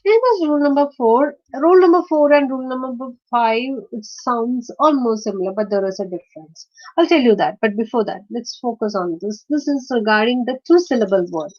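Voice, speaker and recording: Female teacher, hesitant lecture delivery, full of fillers and corrections, drawn-out example words, slightly dull lo-fi recording. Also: on the high side, animated, darkish tone. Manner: spells out and slowly stresses example words. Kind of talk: phonetics lecture.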